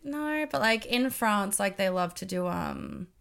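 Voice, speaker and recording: A woman's voice: mid-range voice, lively intonation, a little slow, creaky, fairly bright tone, clean tone. A young Australian woman co-hosting a podcast, laid-back, with many short agreements and fillers. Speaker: podcast co-host. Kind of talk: casual chat.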